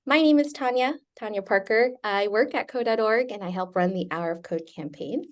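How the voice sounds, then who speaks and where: A woman's voice: medium pitch, normal speed. A woman hosting a live stream, upbeat and welcoming as she introduces a guest over a video call. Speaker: host.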